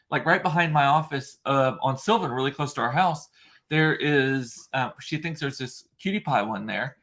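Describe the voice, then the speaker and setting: A man's voice: medium pitch, a bit bright. Male host, casual solo chat, mid-range voice, chatty and rambling with lots of fillers.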